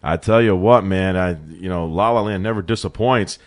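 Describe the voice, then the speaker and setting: A young man co-hosting a sports podcast in a small studio, talking in an excitable, animated way and calling his partner bro. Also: sits low, normal speed. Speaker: co-host. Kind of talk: casual sports talk.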